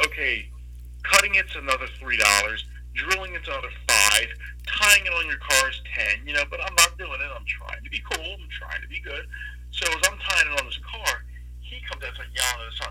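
A man's voice: medium pitch, quick pace, slightly rough, rough recording. A man telling a long, profane story in casual talk, acting out the people in it as he goes. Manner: profane, animated anecdote with quoted voices.

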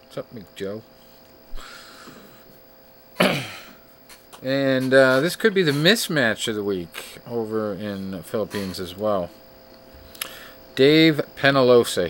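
A man hosting a casual show, reading off records in a laid-back, joking way with frequent filler pauses. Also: mid-range voice, fairly bright tone, a little hiss or hum. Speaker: podcast host. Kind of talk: casual chat.

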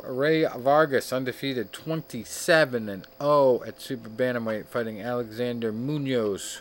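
A man hosting a casual show, reading off records in a laid-back, joking way with frequent filler pauses. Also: medium pitch, a bit bright, clear, resonant tone. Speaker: podcast host. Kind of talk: casual chat.

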